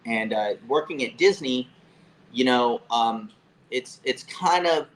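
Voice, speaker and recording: A man in his fifties from Florida, telling stories as an interview guest in a casual, profane, animated way with frequent fillers. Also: mid-range voice, takes it slowly, a little hiss or hum, poor audio. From Florida, USA. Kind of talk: casual storytelling.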